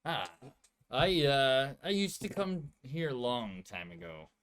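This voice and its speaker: A man voicing a friendly stranger in black leather armor at a tavern, with a halting delivery that breaks into chuckles. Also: medium pitch, very animated, fairly bright tone. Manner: halting, chuckling between words. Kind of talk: tabletop role-play.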